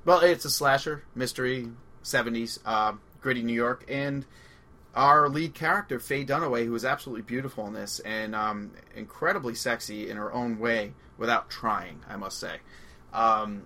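A man with a Long Island accent, co-hosting a casual movie podcast, excitable and rambling, laughing often. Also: mid-range voice, normal speed. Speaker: podcast co-host.

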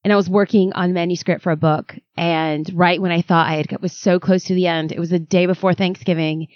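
A woman guest on an interview podcast, telling her story in a dramatic, animated way. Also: lowish voice, brisk, dry recording, highs cut off. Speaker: author and guest.

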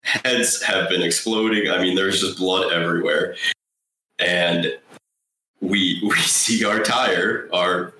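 A man's voice: low-pitched, steady tone, takes it slowly, sharp tone, reverberant, low-quality recording. A man co-hosting a casual movie review podcast, rambling and sardonic, swearing freely. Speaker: podcast co-host.

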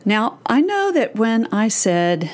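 A woman's voice: on the high side, big pitch swings, slow pace. A middle-aged woman hosting a solo parenting podcast, talking directly and encouragingly to mothers.

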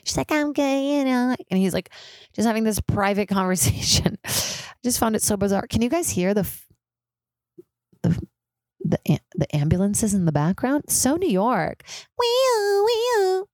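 A young woman delivers a rambling, profane solo podcast monologue packed with "like" fillers, recorded in a high-rise apartment as sirens sound from the street. Her medium-pitched, slightly mellow voice moves at a normal pace with frequent pauses, and the recording has no room sound.

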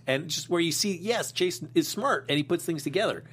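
A man co-hosting a casual chat show, relaxed and conversational. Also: high voice, a little fast, hardly any pauses, breathy edge. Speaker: co-host. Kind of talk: casual chat reviewing a soap opera.

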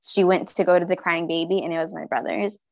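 A woman's voice: fairly low pitch, fairly even intonation, fast, creaky, dry recording. A woman in casual podcast chat, telling family stories with laughter and some swearing.

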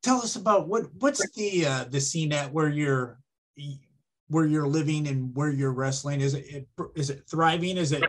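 A man's voice: on the high side, moderate pace. A man hosting a casual interview, asking loose, rambling questions with restarts. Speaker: podcast host.

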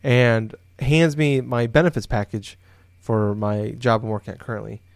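A man's voice: mid-range voice, steady tone, moderate pace, vocal fry, no echo. A man co-hosting a podcast, telling a long story casually from his home office, rambling with many fillers and restarts. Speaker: podcast co-host.

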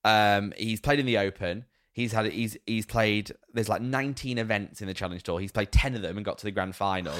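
Thirtyish guy on a podcast, lowish voice, dry sound, chatty and laid back. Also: fairly quick, few pauses, a bit bright, no echo. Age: 30s. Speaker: podcast co-host. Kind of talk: casual chat.

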